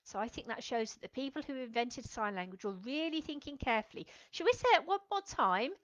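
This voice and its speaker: A woman leading a children's lesson, speaking slowly and gently and acting out feelings for her young viewers. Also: fairly high pitch, expressive, no room sound. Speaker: children's club leader.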